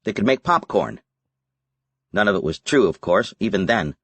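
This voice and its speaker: A man narrating a novel as an audiobook in a measured, even reading. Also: lowish voice, dry recording. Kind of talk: scripted narration.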